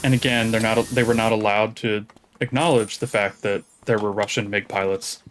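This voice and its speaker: A man streaming a game, chatting in a relaxed, rambling way and swearing casually. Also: lowish voice, moderate pace, slight background noise, rough recording. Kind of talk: casual chat while gaming.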